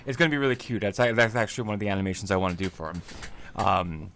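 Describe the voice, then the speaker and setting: A man's voice: on the low side, very fast, vocal fry, a bit bright, a little hiss or hum. A man chatting casually on a livestream as an indie game developer, rambling, laughing often and restarting his sentences.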